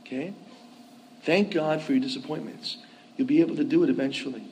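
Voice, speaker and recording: A man's voice: on the high side, fairly quick, a little mellow, slight background noise, rough recording. A man giving a conversational sermon, often asking his listeners "okay?" and "right?" to check that they follow him. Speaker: priest.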